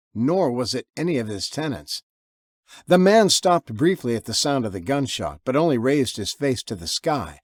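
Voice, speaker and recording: A man narrating his own horror novel in an expressive, lively way. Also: no room sound, studio quality. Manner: lively, expressive reading, with low growled voices for the father. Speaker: author and narrator.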